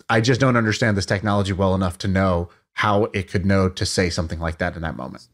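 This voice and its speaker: Low voiced podcast guy thinking out loud, repeats words, casual. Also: fairly even intonation, brisk. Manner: musing, puzzled, repeats words as he thinks aloud. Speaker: podcast co-host.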